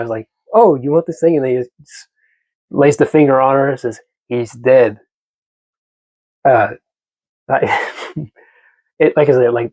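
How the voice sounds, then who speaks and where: A man's voice: mid-range voice, darkish tone, highs cut off. A man giving a casual, rambling book review as a vlogger, with lots of fillers and restarts.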